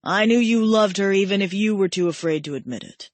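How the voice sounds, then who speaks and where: A woman narrator voicing a gentle, teasing male best friend in an audiobook, drawing out his words slowly. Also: mid-range voice, dry recording, close to an everyday voice.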